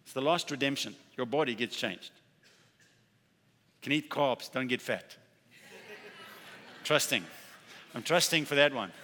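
A male pastor with a middle-range voice preaches unhurriedly, leaving long pauses, in a big hall whose long echo lingers after every phrase. His tone is bright and forceful. Conversational in style, he hammers points by repeating key words and acting out brief dialogues.

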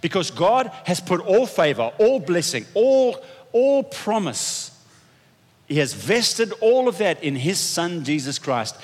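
A man's voice: a little high, sing-song, unhurried, hardly any pauses. Man preaching in a reverberant hall. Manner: conversational, self-deprecating preaching with restarts. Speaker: pastor. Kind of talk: sermon. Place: church hall.

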